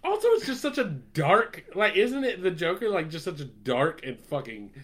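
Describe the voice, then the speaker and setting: A man with a slightly high voice chatting casually on a podcast. He talks in an animated way, swears freely and laughs often. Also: moderate pace. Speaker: podcast co-host. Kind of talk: casual chat.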